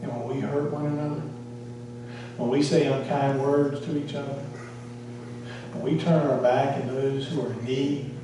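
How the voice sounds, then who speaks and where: A man's voice: a little high, background noise. A male pastor preaching a sermon, telling a story and putting questions to the congregation. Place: church sanctuary. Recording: echoey church hall, from far off.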